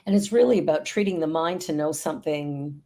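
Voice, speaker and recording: A middle-aged woman talks earnestly and upbeat on a casual video call, speaking of prayer and affirmations. Her voice sits low and sounds mellow, and she speaks fairly quickly.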